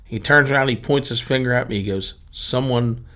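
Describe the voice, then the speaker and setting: A man's voice: medium pitch, brisk. A man from Pennsylvania, a driving range owner, telling anecdotes in casual chat and acting out the quotes. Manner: animated anecdotes with acted quotes. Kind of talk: casual storytelling.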